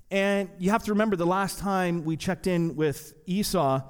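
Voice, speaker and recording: A man preaching a sermon, retelling a story in a lively way with acted-out quotes and wry asides. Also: sits high, normal speed, hardly any pauses. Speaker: pastor. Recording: long hall reverb.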